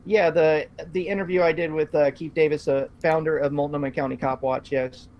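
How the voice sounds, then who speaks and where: High-voiced rambling man hosting a podcast. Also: fairly even intonation, brisk, highs cut off. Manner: rambling, many fillers and restarts. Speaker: podcast host. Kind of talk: casual podcast chat.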